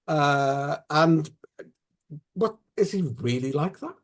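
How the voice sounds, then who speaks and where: A man's voice: fairly high pitch, animated, takes it slowly. A man hosting a conversational interview, rambling and searching for his words as he asks questions. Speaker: host.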